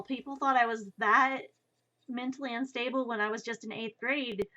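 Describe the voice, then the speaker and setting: A young woman streams from home, chatting casually while drawing, rambling in a self-deprecating way and swearing offhandedly. Her voice is on the high side, bright and forceful, with fairly even intonation and a moderate pace, heard through a dull lo-fi stream mic.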